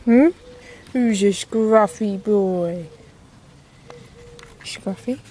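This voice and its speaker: A woman's voice: medium pitch, drawn-out words, warm tone, slight background noise. A woman filming her cat in a garden, cooing and teasing him in affectionate baby talk. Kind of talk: casual baby talk to a pet. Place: garden, outdoors.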